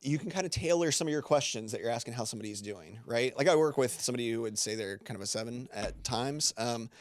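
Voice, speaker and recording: A man's voice: medium pitch, quick pace, no echo. A man speaking as a guest on a podcast, in loose, rambling conversation full of filler words and restarts. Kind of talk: casual interview talk.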